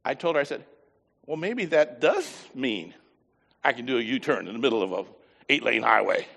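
A man preaching a sermon, telling a folksy story with lively voiced asides. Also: medium pitch, normal speed, creaky, long reverb tail. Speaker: pastor.

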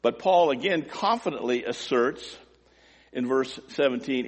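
A man preaching a sermon with emotional, emphatic delivery, swinging from loud, high-pitched emphasis down to quiet, low asides. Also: measured pace, long reverb tail.

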